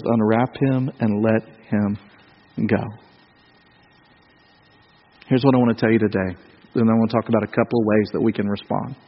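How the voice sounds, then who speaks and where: American male pastor, sermon, conversational with rhetorical questions; high voice, dull muffled sound. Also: in a large hall. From United States. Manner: conversational, rhetorical questions, swings from loud to hushed.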